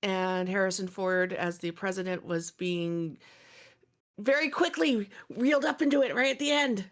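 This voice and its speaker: A woman's voice: medium pitch, moderate pace. A woman co-hosting a podcast in casual chat, playfully correcting details with trivia. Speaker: podcast co-host.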